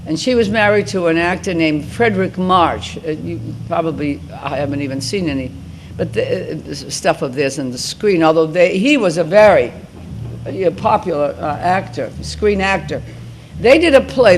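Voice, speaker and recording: A woman in her seventies speaking to high school students as a guest, talking informally and rambling with frequent restarts. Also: a little hiss or hum. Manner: rambling, restarts mid-thought. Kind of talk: informal talk and Q&A.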